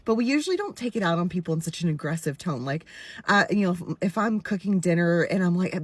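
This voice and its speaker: Earnest low-voiced woman in her forties. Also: very animated, fast talker, slightly rough, dry recording. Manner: earnest, repetitive, emphatic. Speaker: content creator stitching a video. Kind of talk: candid personal commentary.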